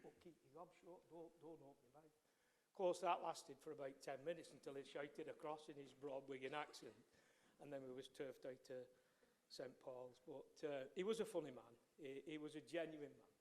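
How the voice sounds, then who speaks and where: A man giving an anecdotal tribute as a councillor, halting and repeating his words. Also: mid-range voice, fairly even intonation, darkish tone. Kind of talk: tribute speech in a council meeting. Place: council chamber. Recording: echoey council chamber.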